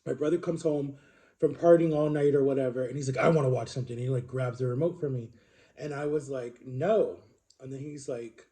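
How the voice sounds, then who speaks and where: A man telling a personal story to camera in an earnest, halting way, with frequent fillers. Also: fairly high pitch, warm tone. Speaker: vlogger.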